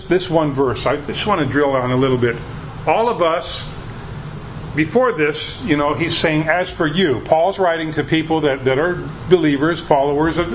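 A man's voice: fairly high pitch, slight background noise, poor audio. A male pastor preaching a conversational sermon, often restarting his sentences as he explains a passage.

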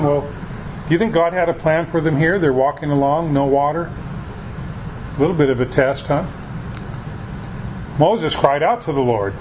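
A man giving a conversational sermon, talking in a folksy, halting way with frequent restarts. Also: fairly high pitch, highs cut off, noisy background. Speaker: preacher.

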